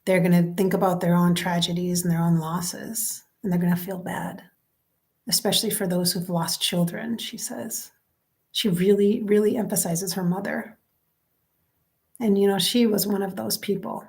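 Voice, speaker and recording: A woman doing a casual spoken psychic reading who talks straight to her viewers. She is chatty and emotional and often drops into soft, near-whispered asides. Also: on the low side, fairly even intonation, moderate pace. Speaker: psychic medium.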